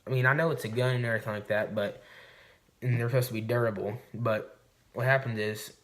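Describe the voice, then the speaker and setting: A man's voice: mid-range voice, fairly even intonation, brisk, fairly bright tone. A man vlogging to camera, telling a hunting story in a rambling, swearing, casual way. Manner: rambling and profane, recounting a hunt.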